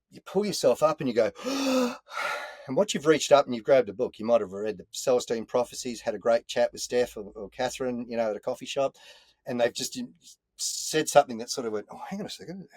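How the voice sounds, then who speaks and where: Here's a mid-range male voice with an Australian accent, recorded dry inside a caravan. As a podcast guest he recounts a story in an animated, earthy style, sprinkling in a few mild swear words during casual storytelling chat.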